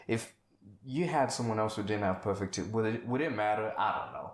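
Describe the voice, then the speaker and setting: A man's voice: on the low side, brisk. A man co-hosting a casual film podcast, rambling and exclamatory, swearing freely. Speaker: podcast co-host. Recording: roomy echo.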